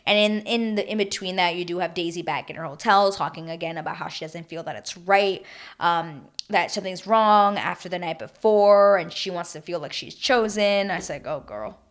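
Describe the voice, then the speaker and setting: A woman giving a chatty, animated recap of a reality TV season, acting out her own reactions as she goes. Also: lowish voice, normal speed. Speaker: TV recap host.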